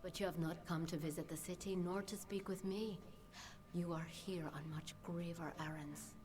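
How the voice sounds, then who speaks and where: A woman voicing a solemn seer in a video game, speaking formally and gravely. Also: on the low side, steady tone, moderate pace, darkish tone, close to an everyday voice. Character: solemn female seer who reads fates.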